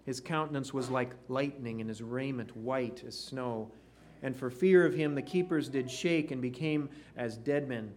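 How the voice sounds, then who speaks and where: A man's voice: medium pitch, normal speed, a little mellow, slight background noise. A man preaching a sermon, reading scripture aloud and explaining it with rising emphasis. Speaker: pastor.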